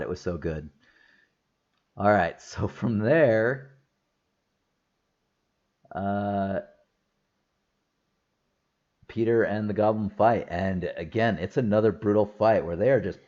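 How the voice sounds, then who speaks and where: Low, slow-talking man reviewing a film. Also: darkish tone, muffled recording. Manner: rambling, enthusiastic, frequent fillers and laughs. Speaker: movie reviewer. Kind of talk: casual spoken film review.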